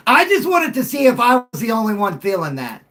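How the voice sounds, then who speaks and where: A middle-aged man hosts a sports talk show with a high, animated voice. He jokes and banters loosely with callers and gets excited easily. His delivery swings between playful and emphatic. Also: brisk.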